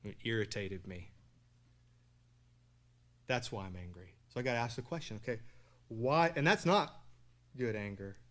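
A man preaching a sermon, asking the congregation questions and answering them, with loud stresses and quiet asides. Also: on the low side, normal speed, long pauses. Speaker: pastor.

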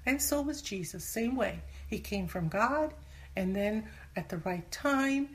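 A woman's voice: medium pitch, expressive, unhurried. Earnest woman teaching scripture. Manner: earnest, drops to a whisper for emphasis; acts out everyday voices when quoting. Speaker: Christian teacher. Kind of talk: casual Bible teaching in conversation.

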